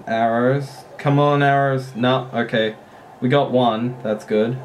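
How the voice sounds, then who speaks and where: A man giving casual, excitable commentary while playing a mobile strategy game, often swearing and laughing at his own play. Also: medium pitch, takes it slowly, a little hiss or hum.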